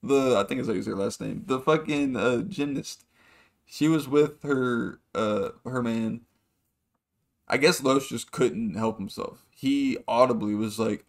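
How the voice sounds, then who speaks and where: A man's voice: medium pitch, animated, unhurried, vocal fry. A man hosting a podcast, telling a long story in a rambling, profane way and acting out other people's lines. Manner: rambling, profane, acts out quotes with shifting voices. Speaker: podcast host. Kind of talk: casual storytelling monologue.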